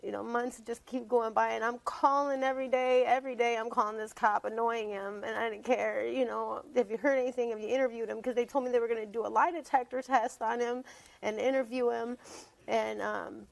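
High, gravelly-voiced emotional woman. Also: steady tone, a little fast, poor audio. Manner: emotional, rambling, repeats herself. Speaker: guest. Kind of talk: emotional talk show testimony.

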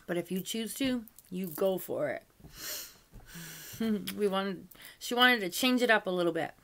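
An older woman talks straight to her viewers in a relaxed beauty-vlog chat. Her voice sits in an ordinary middle range, and she drifts from point to point with easy asides and little laughs. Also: mid-range voice, normal speed. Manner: chatty and rambling, with frequent "you know" asides and light laughs. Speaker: beauty vlogger. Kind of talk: casual chat to camera.

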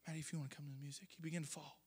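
A man preaching a sermon as pastor, impassioned, dropping to hushed tones and rising to loud declarations. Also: on the high side, little pitch movement, very fast, husky. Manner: impassioned, shifts between hushed and loud delivery.

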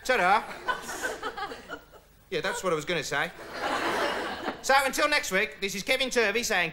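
Young comic, rambling deadpan monologue, lively pitch, old hissy TV recording. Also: male voice, normal speed, pauses often. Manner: rambling, dim, full of "you know" and "right". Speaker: comedy character presenter. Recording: old TV broadcast with loud hiss. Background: studio audience laughter.

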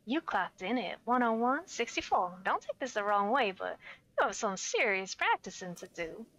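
A woman voicing an upbeat female shield-surfing instructor in a soft, gentle way, reading game dialogue aloud. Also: mid-range voice, big pitch swings, moderate pace, dry recording, poor audio.

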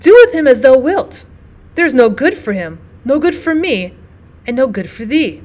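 A shamed but resolute woman who begs earnestly in old-fashioned phrases, voiced by a female reader. Her voice sits a little high and stays grave and steady. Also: normal speed. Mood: pleading.

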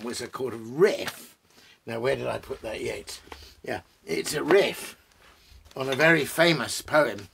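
Guy rambling about a poem, lots of ums and restarts, rough gravelly voice. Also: medium pitch, a bit bright, slight background noise. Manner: rambling, digressive, many fillers and restarts. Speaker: poet and host. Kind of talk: casual spoken talk on poetry. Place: indoors, at home among bookshelves.

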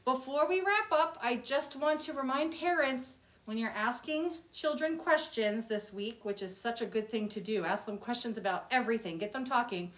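A woman's voice: fairly high pitch, moderate pace, few pauses, fairly bright tone. A woman hosting a children's library program, friendly and advising parents as she wraps up. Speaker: program host. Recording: echoey room.

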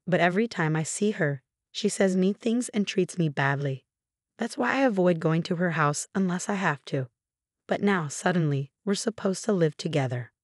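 A woman in her twenties giving a scripted first-person story narration, read in a steady, even way. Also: on the low side, no echo, studio quality. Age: 20s.

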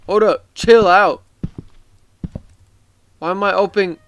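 Excitable, high-voiced male gamer. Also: slow, slight background noise. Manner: rambling, excitable, swears often. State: tired. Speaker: gaming YouTuber. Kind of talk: casual gameplay commentary.

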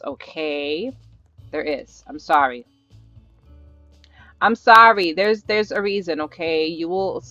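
A gamer keeps up a jittery running commentary while playing, cheering and pleading at the screen in a medium-pitched voice. The audio sounds a bit dull and lo-fi, with faint music playing underneath. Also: dry recording. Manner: excitable, nervous self-talk with repeated urging. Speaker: gaming channel host. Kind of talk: live gameplay commentary.

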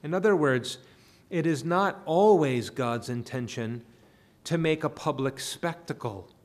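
A man's voice: on the high side, measured pace. Man preaching an earnest sermon. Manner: earnest preaching with repeated restarts. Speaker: pastor.

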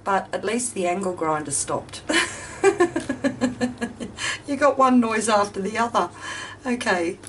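A woman chats through her craft project, thinking aloud and poking gentle fun at herself. She talks at a slow, unhurried pace. The mic sits a little away from her, with a faint hum of a ceiling fan behind. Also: medium pitch, lively intonation, distant mic. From Australia. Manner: chatty, self-deprecating, thinks aloud. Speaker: craft video host. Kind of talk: casual chat while crafting. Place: home craft room with ceiling fan running.

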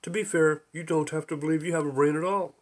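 Dude doing a snarky iron lockbox, deadpan teasing, kinda high. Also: male voice, fast talker, close to an everyday voice. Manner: dry, teasing. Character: sardonic talking iron lockbox, male.

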